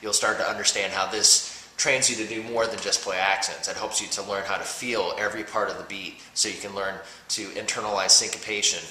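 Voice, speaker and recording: A man's voice: on the low side, steady tone, a little fast, few pauses, a little hiss or hum. A man teaching a drum exercise, explaining patiently step by step and counting off beats. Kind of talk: instructional talk with count-offs. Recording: roomy with loud drum playing between talk.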